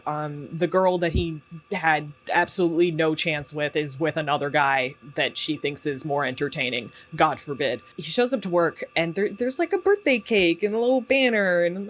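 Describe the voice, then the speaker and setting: A man's voice: sits high, expressive, moderate pace. A man giving casual commentary as a YouTube book reviewer, chatty and sarcastic, with lots of fillers and laughs.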